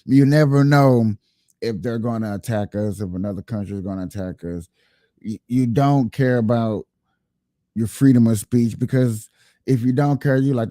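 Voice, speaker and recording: A man's voice: mid-range voice, normal speed, dark tone, no echo, clean studio sound. A man hosting his own livestream, talking politics earnestly and repeating himself as he speaks straight to his viewers. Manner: earnest, repetitive, addresses viewers directly. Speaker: livestream host. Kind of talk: casual political livestream talk.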